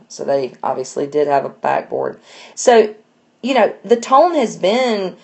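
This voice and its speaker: A woman's voice: fairly low pitch, measured pace, gravelly, dark tone. A woman teaching a poem in a casual, chatty lesson, talking it through with many fillers and restarts.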